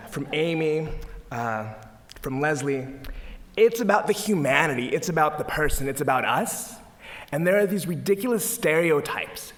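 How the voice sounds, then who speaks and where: A man's voice: a little high, fairly bright tone. A young man speaking at a panel for an advocacy group, enthusiastic and humorous, rallying the audience from a podium. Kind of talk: energetic public speech at a panel. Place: lecture hall, at a podium.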